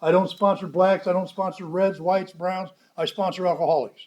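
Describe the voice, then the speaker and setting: A man with a notably high-pitched voice tells a story to a convention audience. His delivery is blunt and wry, and he slips into the voices of the people he quotes. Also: steady tone, normal speed, a little mellow. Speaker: recovery meeting speaker.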